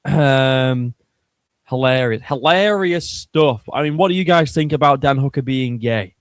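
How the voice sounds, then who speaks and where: A man's voice: medium pitch, moderate pace, no echo. A man hosting a casual livestream, chatting in a joking, crude and rambling way. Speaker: streamer host.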